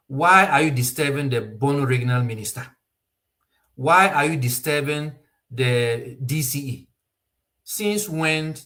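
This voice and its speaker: Male commentator, impassioned and mocking, animated delivery. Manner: animated, mocking, raises pitch sharply to voice others, laughs often. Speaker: political commentator.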